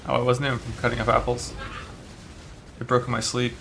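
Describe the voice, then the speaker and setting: Man, game streamer, gravelly voice, casual rambling chat, swears freely, bothered by a retainer in his mouth, faint background noise. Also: mid-range voice, monotone, fairly quick, long pauses. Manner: loose, profane, rambling with many fillers. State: annoyed by a broken dental retainer in his mouth. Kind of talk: casual live-stream chat while playing.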